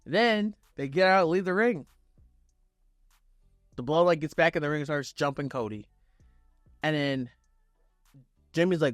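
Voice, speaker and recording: Excitable, foul-mouthed man recapping wrestling. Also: on the high side, a little slow, pauses often, no room sound, studio quality, faint music behind. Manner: excitable, profane play-by-play retelling. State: on vacation. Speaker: wrestling reviewer. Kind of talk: casual reaction review.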